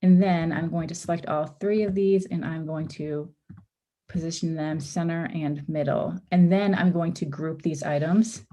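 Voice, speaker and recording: A woman runs a live design tutorial over a video call, talking step by step in an easygoing way. Her voice sits low and mellow, a little worn because she is losing it. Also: steady tone, normal speed. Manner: casual, step-by-step, with frequent ums and oopses. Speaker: workshop instructor.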